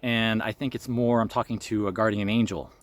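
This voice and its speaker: A man's voice: lowish voice, little pitch movement, fairly quick, a little hiss or hum. Earnest man telling a personal story. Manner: earnest and reflective, with light laughs. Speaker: spiritual vlogger.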